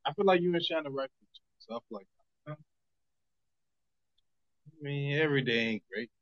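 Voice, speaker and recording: A man hosting a podcast in casual, joking chat, laid-back and quick to laugh. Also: fairly high pitch. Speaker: podcast host. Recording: lo-fi audio.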